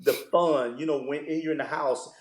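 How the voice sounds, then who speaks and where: Pastor, male, fairly high voice, easygoing storyteller; recorded in an echoey room. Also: normal speed. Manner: relaxed, storytelling, frequent "man" fillers. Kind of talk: conversational interview.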